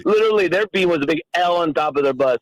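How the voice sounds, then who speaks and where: A man calling a sports radio show on his phone, excited and whooping. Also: on the high side, quick pace, no echo, poor audio. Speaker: caller. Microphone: phone held to ear while driving.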